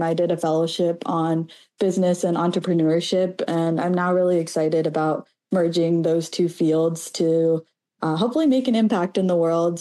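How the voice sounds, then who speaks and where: A woman's voice: lowish voice, warm tone. Upbeat young woman grad student. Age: 20s. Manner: upbeat, articulate, light laughs. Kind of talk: casual chat.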